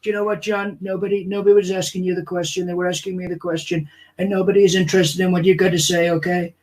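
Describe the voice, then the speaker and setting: A man's voice: high-pitched, little pitch movement. A comedian voicing a boastful older male politician who rambles and praises himself. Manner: pompous, repetitive, drawn-out boasting. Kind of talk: comic impression on a livestream.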